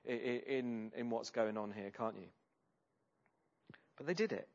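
A man's voice: medium pitch, normal speed, dull audio. Hesitant conversational preacher man. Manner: conversational, with many hesitations and restarts. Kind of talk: sermon.

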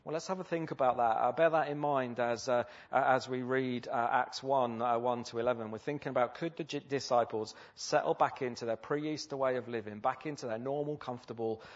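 A man's voice: medium pitch, steady tone, fairly quick, hardly any pauses. A man preaching a sermon in a conversational way, with many fillers and rhetorical questions. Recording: slightly dull lo-fi recording.

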